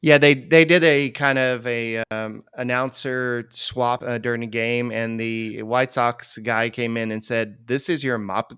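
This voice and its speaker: A man co-hosting a baseball podcast, talking casually and rambling with many pauses. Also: medium pitch, fairly even intonation, fairly bright tone, clear, resonant tone, no echo, studio quality. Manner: rambling, many fillers and restarts. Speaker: podcast co-host. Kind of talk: casual sports chat.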